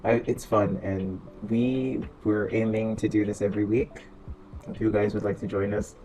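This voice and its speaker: Deep-voiced laid-back male podcast host. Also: little pitch movement, moderate pace, a crowd in the background, poor audio. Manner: loose, swearing, laughs often. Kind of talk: casual chat with a co-host. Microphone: online voice chat.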